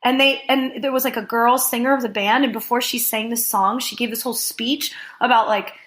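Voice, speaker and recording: A woman in her thirties, a podcast guest, telling a long casual story in an animated way, laughing often and filling her talk with "like.". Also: a little high, a little fast. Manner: animated, laughing, heavy use of "like".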